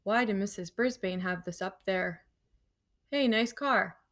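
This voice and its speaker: A woman's voice: mid-range voice, unhurried, fairly bright tone, natural voice. Woman voicing a friendly night custodian. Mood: curious.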